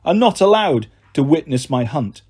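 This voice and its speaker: Stern, imperious young huntress goddess, read by a man, husky and lively. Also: fairly high pitch, moderate pace.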